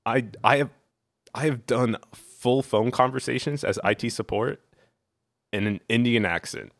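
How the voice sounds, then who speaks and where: A man's voice: mid-range voice, unhurried, creaky, no room sound, clean studio sound. A man from Virginia, guest-hosting a podcast, chatting casually and joking with frequent laughs. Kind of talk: casual chat.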